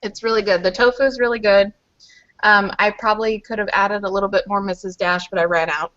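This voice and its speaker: A woman's voice: medium pitch, steady tone, fairly quick, fairly bright tone, dull audio. A woman from Louisville chatting casually on a group video call, rambling with lots of fillers. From Louisville, Kentucky. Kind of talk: casual chat.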